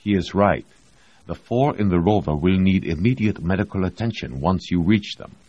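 A man voicing a stern, no-nonsense doctor who speaks firmly and in measured sentences, on a dull lo-fi recording. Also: low voice, lively intonation, a little mellow, slightly rough, no room sound. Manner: firm, measured.

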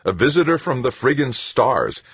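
A man's voice: mid-range voice, very animated, moderate pace, breathy edge, no echo, pitched above the performer's own voice. A man voicing a younger man under interrogation, heated and incredulous, in an audiobook. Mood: agitated.

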